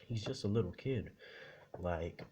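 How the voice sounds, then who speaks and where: A man's voice: on the low side, unhurried, heavy background noise, natural voice. A man voicing a patronizing, disbelieving young woman in a casually told story. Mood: sneering. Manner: patronizing, mocking.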